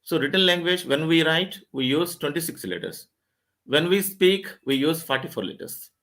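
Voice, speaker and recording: A man's voice: on the high side, lively intonation, moderate pace, fairly bright tone. Middle-aged indian guy teaching english in a webinar, voice swings up and down a lot, repeats stuff. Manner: repeats key points, explains step by step. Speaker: English lecturer. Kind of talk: webinar lecture.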